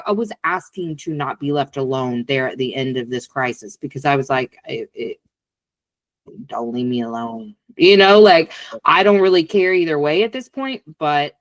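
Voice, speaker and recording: Woman in her forties, podcast host, candid, animated, low voice, dry close sound. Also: no room sound. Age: 40s. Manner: candid and animated, swearing freely, acting out her inner voices. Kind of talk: casual podcast conversation.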